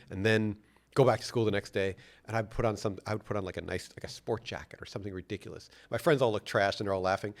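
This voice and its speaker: A man from New York City, a company founder, telling stories as a guest in a casual interview, laid-back and profane, laughing often. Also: fairly low pitch.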